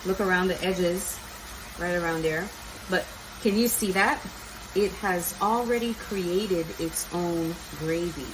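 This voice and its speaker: Slow-talking woman cooking at home. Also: on the low side, noisy background. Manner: chatty, talks viewers through each step with approving hums. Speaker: home cook and vlogger. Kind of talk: casual cooking demonstration. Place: home kitchen.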